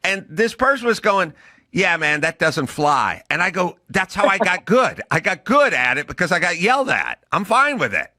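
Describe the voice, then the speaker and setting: A middle-aged man hosting a podcast, telling stories in casual chat and acting out quotes loudly. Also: sits high, moderate pace, hardly any pauses, no room sound, clean studio sound. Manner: animated storyteller, acts out quotes loudly. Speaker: podcast host.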